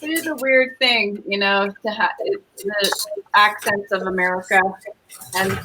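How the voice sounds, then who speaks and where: A woman hosting a cooking show, chatting casually with quick asides. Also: mid-range voice, sharp tone, a little hiss or hum, rough recording. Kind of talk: casual chat.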